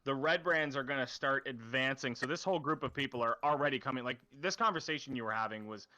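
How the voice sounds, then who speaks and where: A man narrating a tabletop game as dungeon master, halting with many fillers. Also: mid-range voice, pushed and bright, dull audio.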